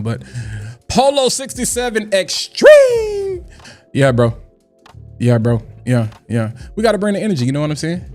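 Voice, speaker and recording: A man hosting a casual livestream chat, loud and playful, shouting out people in the chat and often asking "you know what I'm saying". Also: mid-range voice. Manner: hype, animated, shouts out chat names; loud, playful, breaks into singing and scatting. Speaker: livestream host.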